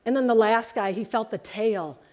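Woman preacher, sermon, earnest storytelling, raised pitch, animated emphasis. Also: normal speed.

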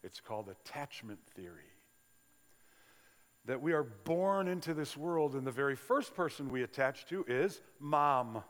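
A man's voice: medium pitch, lively intonation, a little slow, fairly bright tone. An older man preaching a sermon in a large church, telling stories conversationally and acting out the people in them. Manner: conversational storytelling with acted-out quotes. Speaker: pastor. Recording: long reverb of a large hall.

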